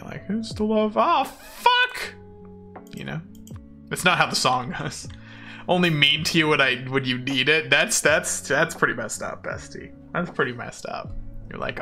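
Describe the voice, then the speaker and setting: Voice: mid-range voice, vocal fry, pushed and bright. A young adult streamer chatting casually through a live game, rambling, joking at their own expense and laughing often, with mock-dramatic outbursts. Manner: rambling, jokey and self-mocking, laughs often.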